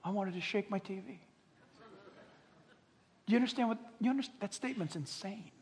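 An older man preaching a sermon, dropping to quiet intimacy and then rising to loud impassioned calls, acting out quoted voices with humor. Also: high voice, moderate pace, pauses often, long reverb tail. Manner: acts out quoted voices, jokes with the crowd. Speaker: pastor.

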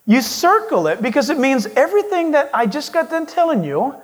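A male pastor preaching a sermon in an emphatic way, swinging his pitch for stress. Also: sing-song, a little fast, few pauses.

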